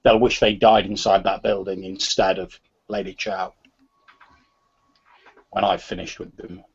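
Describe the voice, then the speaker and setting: A hard, vengeful gang woman who deals in demolitions, voiced by a man in his everyday register. She speaks low and steady, with a husky edge. The recording sounds dull and lo-fi. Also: measured pace, full character voice. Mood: cold. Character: tough female gang demolitions expert, vengeful.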